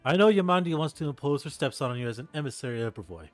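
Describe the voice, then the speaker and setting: A courteous young noble heir, eager to win favour, speaking smoothly and earnestly, as a man reads him from a fantasy game. The pitch rises and falls in a lively way, and the voice is close and dry with faint music underneath. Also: rapid-fire, no echo, close to an everyday voice. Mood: persuasive. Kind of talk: reading game dialogue aloud.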